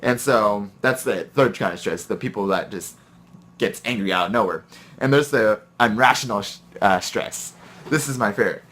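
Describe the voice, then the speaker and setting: A man who is a chef and hosts his own vlog, telling rambling stories about work and then giving relaxed advice. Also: lowish voice, moderate pace. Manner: chatty, rambling, gives pep-talk advice. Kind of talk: casual storytelling and advice vlog.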